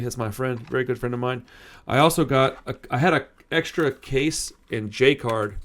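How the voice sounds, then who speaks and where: A man in his thirties who runs a punk music channel tells a personal story, rambling, cutting himself off, and swearing casually. His voice sits at a medium pitch.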